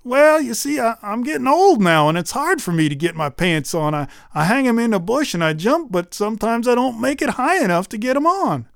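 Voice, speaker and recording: A whiny old codger voiced by a man stammers along in a raised, loud, complaining voice. The pitch bobs up and down, and the recording is dry and close. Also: very animated, a little fast, vocal fry, hardly any pauses, dry recording, heavily acted. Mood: fretful. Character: old man, fretful and foolish.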